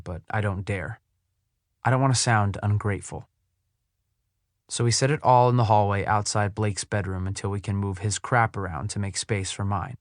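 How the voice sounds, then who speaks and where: A man narrating an audiobook in the first person, with a soothing, even delivery. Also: fairly low pitch, no echo, studio quality.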